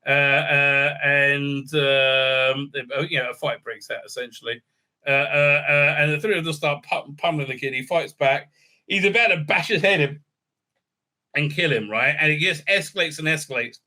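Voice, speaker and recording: Bright-voiced man rambling through a recap. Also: on the high side, normal speed. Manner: rambling, full of stammered fillers and repeated "right?"; irreverent, joking. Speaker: show recap host. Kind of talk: casual TV episode recap.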